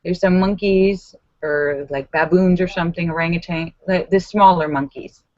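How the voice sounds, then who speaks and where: A woman hosting a casual live stream from home, chatting with viewers and telling stories with animated voiced reactions. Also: fairly low pitch, moderate pace, no room sound. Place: home in Los Angeles. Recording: dull lo-fi sound.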